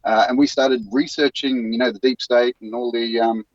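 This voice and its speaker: A man's voice: medium pitch, fairly even intonation, dry recording, dull audio. A man with a New Zealand accent, a guest talking earnestly from a van. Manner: earnest, halting with restarts. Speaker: guest, news show co-host. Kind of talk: casual interview talk.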